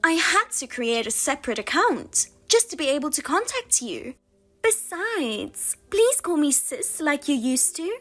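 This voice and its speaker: A woman's voice: high voice, very animated, a little slow, a bit bright, faint music behind, full character voice. A woman voicing a scheming younger sister who mocks and taunts in a sing-song way. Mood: mocking.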